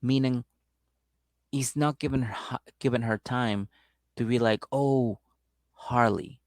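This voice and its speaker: A man's voice: mid-range voice, fairly even intonation, unhurried, darkish tone, no echo, clean studio sound. A man co-hosting a comedy podcast, casually recapping a reality show and acting out the people in it with profanity. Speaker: podcast co-host.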